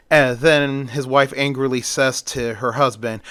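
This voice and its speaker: A man's voice: mid-range voice, fairly even intonation, unhurried, hardly any pauses, fairly bright tone, smooth, no room sound, clean studio sound. A man casually retelling a film plot as a storyteller, in a plain, conversational way that keeps repeating "and then".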